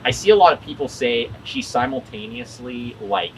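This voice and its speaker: A man's voice: mid-range voice, very animated, moderate pace, gravelly, distant mic, a little hiss or hum, low-quality recording. A man hosting an interview, asking long, winding questions in a casual way. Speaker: interviewer, podcast host.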